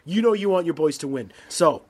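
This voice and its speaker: A man in casual podcast banter, brash and quick to swear. His voice sits notably high for a man. He teases and trash-talks in a playful way. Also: lively intonation, a little mellow. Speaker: podcast co-host.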